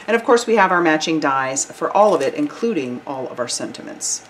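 Low-voiced, bubbly crafting vlogger woman. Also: expressive, a little fast, slight background noise. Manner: bubbly, enthusiastic, chatty with fillers. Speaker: card-making channel host. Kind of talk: product review vlog.

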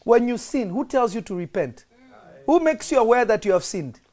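A man's voice: very high-pitched, expressive, normal speed, darkish tone. A man preaching as a prophet on a podcast, stressing and repeating key lines and quizzing his listeners.

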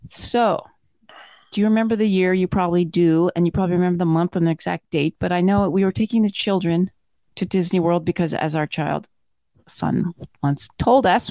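A woman's voice: lowish voice, a little fast, warm tone, dry recording. Chatty woman physician co-host, close dry sound. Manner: chatty, tells stories in detail with fillers and asides. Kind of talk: casual chat and storytelling.

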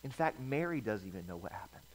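A male pastor preaching a sermon in a storytelling manner, swinging between loud bursts and quiet asides. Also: medium pitch, very animated, quick pace, slight background noise, low-quality recording.

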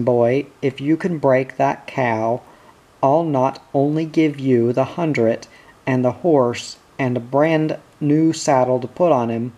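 A man's voice: mid-range voice, warm tone. A man reading the lines of a blustering, growling cattle boss in a storybook reading. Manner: growling, snappish, bossy.

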